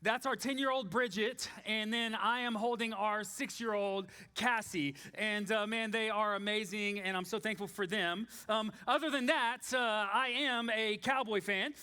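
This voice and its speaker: A man, preaching a sermon in a church in a casual, animated storytelling way with many fillers. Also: high-pitched, normal speed, hardly any pauses, smooth. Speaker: pastor.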